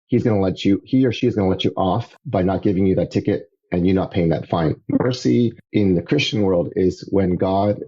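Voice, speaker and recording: A middle-aged man from Canada, a podcast guest telling his faith story in a casual, animated way. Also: low voice, a little fast, few pauses, husky, highs cut off. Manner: animated storyteller, acts out voices. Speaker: podcast guest, evangelist turned entrepreneur.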